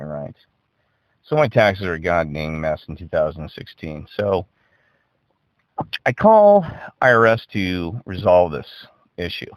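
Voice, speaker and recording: Profane animated storyteller man. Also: sits low. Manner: animated, profane storyteller, acts out phone call voices. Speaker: podcast co-host. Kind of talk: casual storytelling chat.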